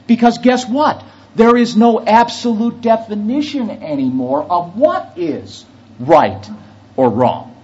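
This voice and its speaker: A man's voice: high voice, darkish tone, slightly rough, dull audio. A man preaching a sermon, telling an anecdote and then building to emphatic preaching. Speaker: pastor.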